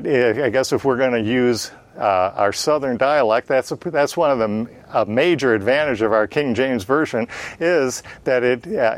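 A man's voice: mid-range voice, no echo. A man teaching a Bible study in a plain-spoken, explanatory way, with many "uh" fillers.

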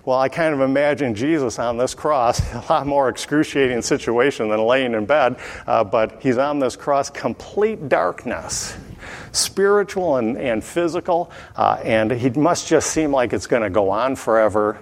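A man giving verse-by-verse Bible teaching in an unhurried way, often pausing with fillers and clearing his throat. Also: medium pitch, big-room sound.

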